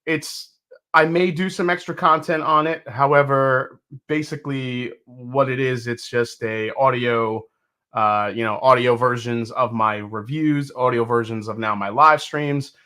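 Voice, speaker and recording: Bright-voiced chatty man hosting a stream. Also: medium pitch, fairly even intonation, unhurried. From New York. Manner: chatty, greets viewers by name. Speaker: host. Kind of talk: live stream chat.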